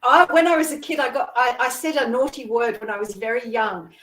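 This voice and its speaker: A woman from Scotland speaks with an Australian accent that still carries a faint Scottish trace. She chats in a friendly, easygoing way and laughs easily, her voice sitting fairly high. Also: fairly quick, a bit bright, roomy sound, poor audio. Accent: Australian with a light Scottish trace. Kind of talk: casual live-stream chat.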